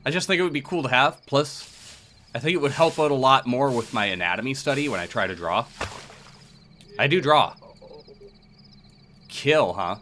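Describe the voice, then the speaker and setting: A man's voice: mid-range voice, expressive, moderate pace, pauses often, pushed and bright, slight background noise. A man playing a horror game, giving casual commentary with sarcastic, muttered asides. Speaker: let's play gamer.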